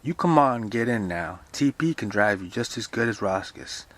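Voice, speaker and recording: A man's voice: lowish voice, animated, normal speed, fairly bright tone. A man voicing a no-nonsense older woman housekeeper who scolds and gives orders. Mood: scolding. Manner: scolding, commanding.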